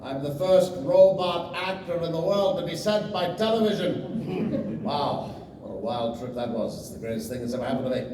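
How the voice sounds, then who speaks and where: A man's voice: a little high, expressive, moderate pace, noisy background, close to an everyday voice. A man playing a TV-obsessed boy who performs as a pompous male robot actor, grandiose and self-adoring, in a live comedic script reading. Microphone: phone in the audience. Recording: echoey hall, phone from far off.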